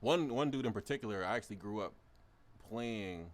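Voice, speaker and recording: A man's voice: on the low side, expressive, a little fast. A young man in his twenties, a podcast co-host, speaking in a reflective and hesitant way during a casual discussion. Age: 20s.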